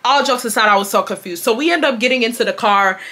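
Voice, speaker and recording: A woman's voice: a little high, quick pace, sharp tone. A young woman telling a vacation story to her viewers in a casual, dramatic, slangy way, often calling them y'all. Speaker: storytime vlogger.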